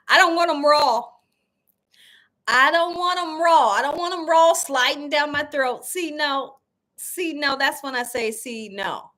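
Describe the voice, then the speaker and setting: Cooking lady on a live stream, high voice, takes her time, laughs a lot, reads out chat. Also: fairly bright tone. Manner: laughs often, emphatic and playful; reads viewer comments aloud. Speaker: cooking channel host.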